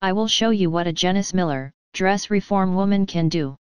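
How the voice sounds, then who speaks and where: A woman reading the lines of a domineering, scolding comic queen in her own low, very smooth voice. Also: normal speed, dry recording, close to an everyday voice. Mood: imperious. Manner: imperious, scolding. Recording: dry, slightly dull lo-fi.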